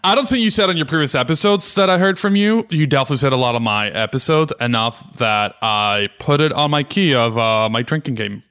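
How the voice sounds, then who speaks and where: A chatty, playful man joins a podcast as a guest, talking in quick bursts. His voice is smooth and clear, at a middle pitch for a man. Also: a bit bright. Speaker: podcast guest, fellow host. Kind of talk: casual podcast chat. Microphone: remote call recording.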